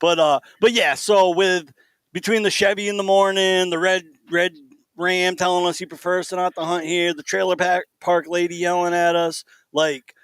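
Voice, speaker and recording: Animated man telling hunting stories. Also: sits high, normal speed, clean tone, dry recording. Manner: animated, acts out quoted voices. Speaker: podcast co-host. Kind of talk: casual storytelling chat.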